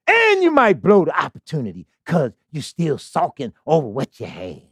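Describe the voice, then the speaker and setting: A man's voice: fairly high pitch, huge pitch swings, normal speed, few pauses, a bit bright, slightly rough, no room sound, studio quality. A man preaching a sermon to a congregation, full of rhetorical questions and call-and-response. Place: congregation hall.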